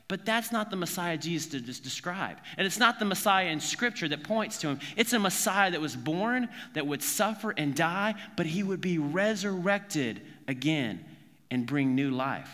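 A man's voice: sits high, expressive, moderate pace, a bit bright, big-room sound. A man from South Carolina preaching a conversational sermon, earnest and informal, often restarting his sentences. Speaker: pastor.

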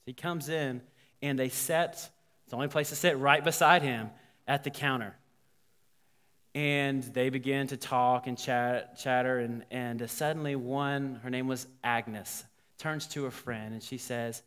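A man, a pastor, telling a story in a sermon, animated and voicing the people in it. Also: mid-range voice, unhurried, clear, resonant tone. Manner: animated, quoting characters. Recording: long hall reverb.

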